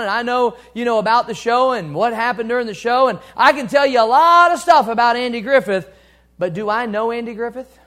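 A middle-aged man preaching a sermon, earnest, swinging between loud urging and quiet asides. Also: very high voice. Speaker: pastor.

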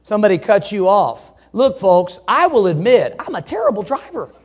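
A man preaching a sermon in a noticeably high voice. He talks in a folksy, animated way, teasing himself and acting out the people in his stories. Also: moderate pace, breathy edge, some chatter behind. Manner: animated, folksy, laughs at himself, acts out shouting drivers. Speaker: pastor.

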